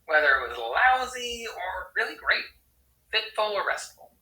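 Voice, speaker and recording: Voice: medium pitch, big pitch swings, measured pace, sharp tone, echoey room, poor audio. An interpreter voicing a sign language teacher's lesson, explaining step by step and often checking in with "right?". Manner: explanatory, frequent tag questions.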